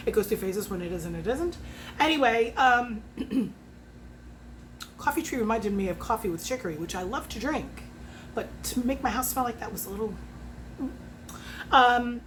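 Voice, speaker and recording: A woman in her fifties chatting casually at home as a fragrance consultant, swearing freely and working out prices out loud. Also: a little high, slight background noise. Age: 50s. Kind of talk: casual chat.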